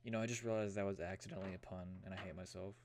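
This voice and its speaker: A man's voice: deep voice, fairly even intonation, racing. A man casually commenting as he plays through a game, joking, self-deprecating and swearing freely. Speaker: let's player.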